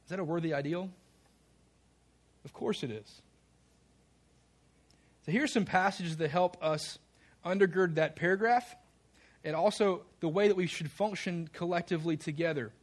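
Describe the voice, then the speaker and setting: A man with a fairly high voice preaches a sermon from the pulpit. He reads scripture passages aloud and calls out questions for the congregation to answer back. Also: moderate pace, pauses often. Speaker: pastor.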